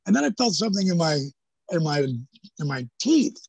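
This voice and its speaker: A gravelly, somewhat high man with a husky edge spins lively stories as a podcast guest. He swears freely and acts out other people's lines. The sound is dry and close to the mic. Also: moderate pace, no echo. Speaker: podcast guest, former pro wrestler. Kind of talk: casual storytelling interview. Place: podcast studio.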